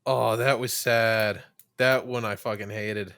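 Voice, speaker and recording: A young man co-hosting a podcast, chatting casually and crudely, swinging between deadpan lines and loud profane bursts. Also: lowish voice, slow pace. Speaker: podcast co-host. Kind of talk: casual chat.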